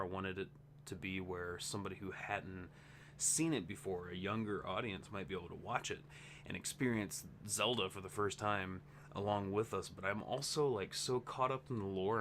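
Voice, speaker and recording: A man's voice: deep voice, fairly bright tone, a little hiss or hum. A man hosting his gaming channel's casual update vlog, tired and rambling, interrupting himself as he talks. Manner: rambling, self-interrupting, chatty.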